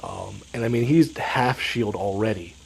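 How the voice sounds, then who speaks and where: A man's voice: on the low side, measured pace, gravelly, breathy edge, poor audio. A man with a stuffed-up, sniffly voice gives casual gameplay commentary, explaining each move step by step. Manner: analytical, explaining moves step by step. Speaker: strategy game commentator.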